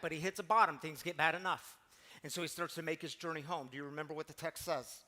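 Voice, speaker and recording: High-voiced preacher in a reverberant hall. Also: male voice, steady tone, fast talker, sharp tone. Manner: emphatic, rhetorical questions, conversational. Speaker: pastor. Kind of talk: sermon.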